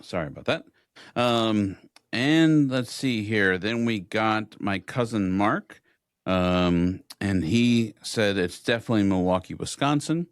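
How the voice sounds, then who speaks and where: Low-voiced man reading listener mail. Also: clean tone, no echo, studio quality. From United States. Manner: reads messages aloud with fillers and pauses. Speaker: podcast co-host. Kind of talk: casual podcast chat, reading listener messages.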